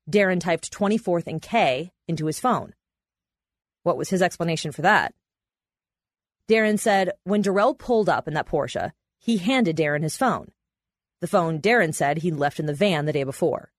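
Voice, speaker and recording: A woman reporter and podcast host, telling a court story in measured, matter-of-fact scripted narration. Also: lowish voice, no room sound, clean studio sound.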